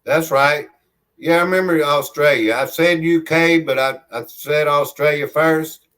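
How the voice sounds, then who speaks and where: A man with a Southern country accent chats to his viewers from his home, speaking into a phone he holds in his hand. His pace is unhurried and drawn out, and his voice sits slightly high for a man. He rambles in a friendly way, reads out comments and refers to himself in the third person. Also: a bit bright. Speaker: livestream host. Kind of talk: casual livestream chat, reading viewer comments aloud. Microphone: phone held in hand.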